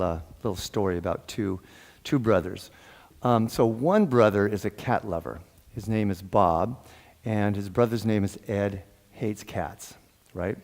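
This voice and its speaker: A man giving a sermon as a guest minister, telling jokes and stories, laughing often and acting out the dialogue in his stories. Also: on the low side. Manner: animated, laughs often, acts out quoted dialogue. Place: church sanctuary. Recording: long hall reverb.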